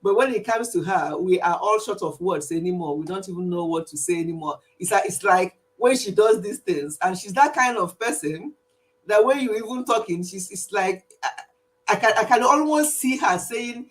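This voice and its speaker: A middle-aged woman with a Nigerian accent hosting a live stream chat, animated and emphatic, repeating herself and laughing often. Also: a little high, moderate pace. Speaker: YouTube channel host.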